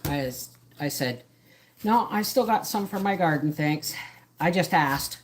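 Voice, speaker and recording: Low-voiced rambling homesteader woman. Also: animated, a little slow, noisy background. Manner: rambling, jumps between topics. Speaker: homesteader livestream host. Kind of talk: casual live-stream chat.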